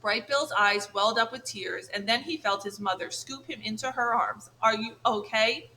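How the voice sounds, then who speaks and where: A woman narrating a children's audiobook in a clear, measured way. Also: medium pitch, bright, forceful tone, a little hiss or hum, poor audio.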